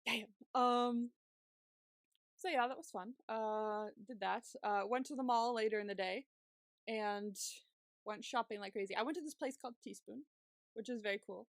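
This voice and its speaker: A woman's voice: on the high side, normal speed, gravelly, no echo, studio quality. A young woman co-hosting a podcast, telling a long story in a chatty, laughing way with lots of swearing and fillers. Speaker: podcast co-host. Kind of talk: casual storytelling chat.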